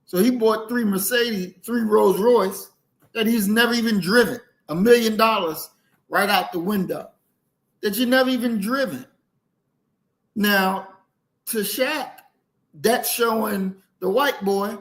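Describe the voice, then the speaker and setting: In an unhurried, high-pitched, somewhat bright voice, a man runs a group discussion, lecturing and criticizing while repeatedly saying "that's not."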